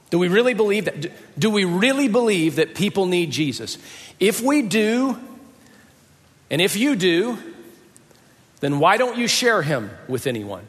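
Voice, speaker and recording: Emphatic preacher in a reverberant hall. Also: male voice, sits high, sing-song, measured pace, long pauses. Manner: emphatic, repeats rhetorical questions. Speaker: pastor. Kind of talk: sermon. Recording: long reverb of a large hall.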